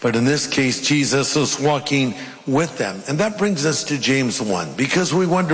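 A man's voice: mid-range voice, lively intonation, moderate pace, hardly any pauses. A middle-aged man, a pastor, preaching a sermon and reading scripture aloud with emphatic, dramatic delivery. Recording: long reverb of a large hall.

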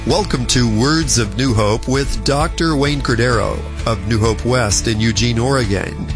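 A man's voice: medium pitch, unhurried. A male announcer reading a scripted introduction to a religious radio program. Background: guitar music.

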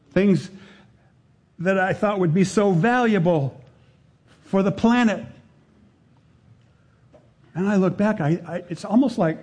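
A man preaching a sermon in an earnest, unhurried way, pausing often and dropping to a quiet voice for emphasis. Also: high voice, breathy edge.

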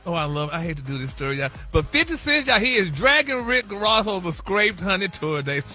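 A man reporting celebrity gossip on a radio show, flamboyant and animated, calling everyone "honey" and "y'all". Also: high voice, brisk.

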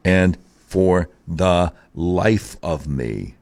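Male talk host, very low voice, dry close sound, opinionated and drawling. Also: expressive, very slow, darkish tone, dry recording. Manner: opinionated, drawling, mocking asides. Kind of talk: political talk commentary.

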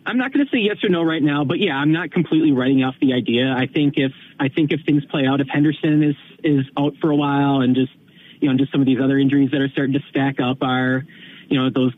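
Fast-talking man on a tinny phone line. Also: mid-range voice, slight background noise. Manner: fast, hedging fan talk. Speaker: radio guest. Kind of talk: casual sports talk.

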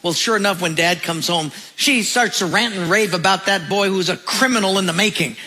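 A man preaching a sermon with a high, bright voice, telling stories in a lively way. He lets his voice fall low and soft at the close of key phrases. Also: fairly quick. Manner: storytelling, drops low and soft at phrase ends. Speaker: pastor.

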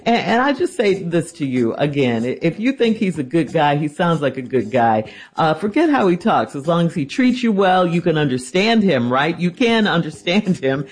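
An advice host with a husky, breathy voice who meets the letter with teasing disbelief. The delivery is direct and conversational, with plenty of pointed questions. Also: medium pitch, very animated, normal speed, few pauses. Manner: teasing, incredulous. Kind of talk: reading a listener letter, then giving advice.

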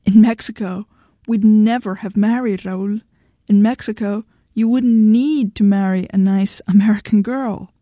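A cool, blunt young woman who brushes people off without sentiment, as a woman reading a novel aloud puts her on. Her voice is mellow and warm. The sound is dry and close. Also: mid-range voice, steady tone, unhurried, hardly any pauses, no room sound, natural voice. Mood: mocking. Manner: blunt and dismissive.

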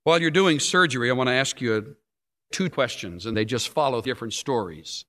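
A man preaching a sermon, telling stories with big rising climaxes and sudden hushed drops. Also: mid-range voice, brisk. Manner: storytelling with sweeping rises and sudden quiet drops.

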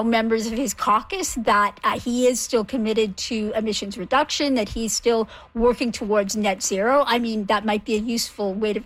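Woman, political journalist, radio commentary, measured, slightly high pitch. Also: poor audio. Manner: measured, analytical, with fillers.

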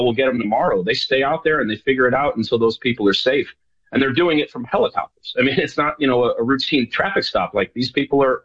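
A man's voice: mid-range voice, a bit bright, husky, no echo. A man from New York speaks as a guest in a casual radio interview. He talks earnestly, circling his point with plenty of fillers and restarts. The sound is a bit dull and lo-fi. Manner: earnest, rambling, many fillers.

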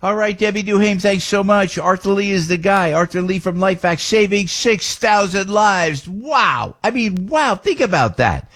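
A talk radio host from New Jersey, a man who talks with big swings between loud outbursts and low, muttered asides. His voice is a little husky and his pitch leaps around as he jumps between topics and live ad reads.

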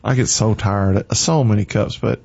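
A man with a Southern American drawl hosts a folksy, rambling radio chat. His voice is a little husky, and the recording sounds dull and lo-fi. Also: lowish voice, normal speed, a little mellow. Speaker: radio host.

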